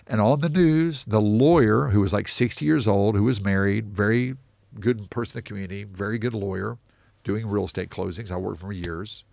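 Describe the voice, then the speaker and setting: A man from the United States, an interview guest who tells lively anecdotes full of quoted dialogue. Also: on the low side, brisk, gravelly, no echo. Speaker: real estate investor guest. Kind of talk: storytelling interview.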